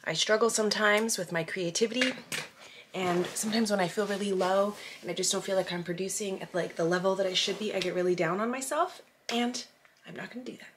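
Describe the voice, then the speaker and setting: A woman's voice: mid-range voice, fairly quick, a little hiss or hum. A woman, a mom vlogging at home in easy casual chat that is full of "like". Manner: chatty, peppered with "like".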